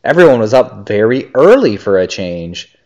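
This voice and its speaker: A man reading a children's story aloud and chatting with his child, a gentle, animated storyteller. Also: lowish voice, normal speed. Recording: dull lo-fi recording.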